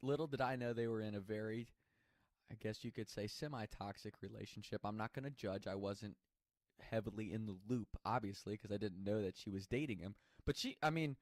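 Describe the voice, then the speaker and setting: A man's voice: mid-range voice, a little fast, dry recording. A man telling a personal story in a casual, chatty way, swearing freely and laughing as he goes.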